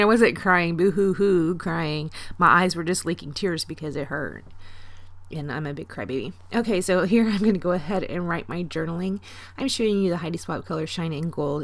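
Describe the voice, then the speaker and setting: A woman's voice: low-pitched, fairly bright tone. A woman narrating her scrapbooking in a chatty, self-deprecating, rambling voiceover from her home craft desk. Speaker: scrapbooking vlogger.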